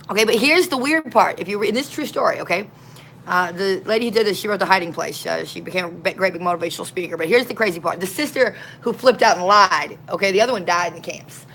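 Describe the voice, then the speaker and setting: A woman street minister tells a long story in an animated, folksy way, full of slang. Her voice sits a little low. A faint hum of noise runs under it. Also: fast, gravelly, poor audio. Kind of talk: casual storytelling.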